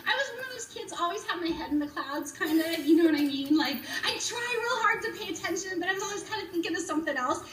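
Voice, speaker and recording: A woman's voice: extremely high pitch, animated, fast talker, few pauses, a bit bright, roomy sound, recorded from a distance, slight background noise, poor audio. A woman in her forties, a children's book author, answering kids' questions in a bubbly, upbeat way. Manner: bubbly, upbeat, talks to kids. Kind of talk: virtual school visit Q&A.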